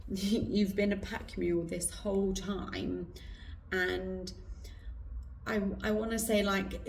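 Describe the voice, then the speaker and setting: Slow, gravelly woman giving a card reading. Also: medium pitch, a little hiss or hum. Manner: slow, soft and reflective, with pauses. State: hoarse throat. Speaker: intuitive card reader. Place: indoor room with incense burning. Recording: roomy, distant mic.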